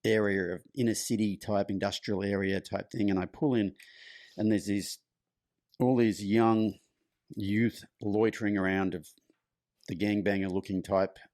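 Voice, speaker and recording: A man's voice: fairly low pitch, steady tone, unhurried, darkish tone, no echo, clean studio sound. A middle-aged man, a horse clinician, telling a long personal story in a loose, chatty way as a podcast guest. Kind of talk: storytelling in conversation.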